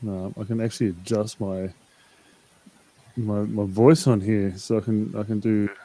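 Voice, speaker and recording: Podcast dude on a call, kinda distracted, lots of um and restarts. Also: male voice, fairly low pitch, level tone, dark tone. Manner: halting, distracted, fiddling with settings. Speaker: podcast co-host. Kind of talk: casual chat. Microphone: online call.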